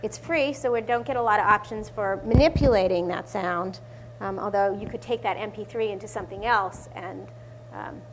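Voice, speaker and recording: A woman's voice: mid-range voice, moderate pace, a little hiss or hum, low-quality recording. A woman co-presenting a live conference workshop, explaining tools and chiming in alongside her partner.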